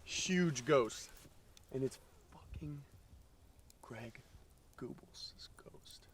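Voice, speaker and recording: A man's voice: mid-range voice, steady tone, unhurried, darkish tone, distant mic, slight background noise, lightly acted. A young man telling a campfire story to friends, hamming it up. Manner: hammy, playing it up.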